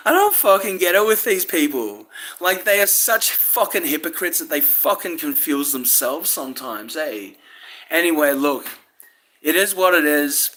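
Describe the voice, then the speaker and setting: A woman's voice: deep voice, sing-song, normal speed, fairly bright tone. A woman delivering a rambling, angry monologue, swearing nearly every sentence. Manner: swears constantly, rambling, frustrated. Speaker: vlogger.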